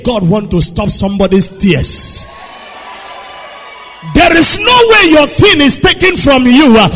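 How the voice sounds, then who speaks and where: A man preaching a sermon, swinging between hushed storytelling and shouted declarations. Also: very high voice, breathy edge. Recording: long echo of a large hall.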